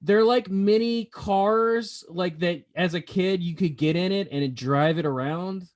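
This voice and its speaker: A man hosting a podcast in casual chat, telling stories in a playful, animated way. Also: high voice, unhurried. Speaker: podcast host.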